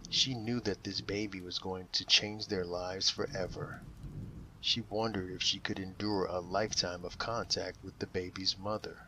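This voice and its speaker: A man reading a dramatic story aloud in a measured, emotive way. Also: low-pitched, fairly even intonation, pushed and bright, slight background noise, rough recording. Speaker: narrator.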